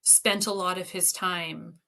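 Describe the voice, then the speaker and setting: A woman's voice: fairly low pitch, fairly even intonation, slow pace, sharp tone. A woman educator, a guest on an interview podcast, telling anecdotes casually with lots of laughter and fillers.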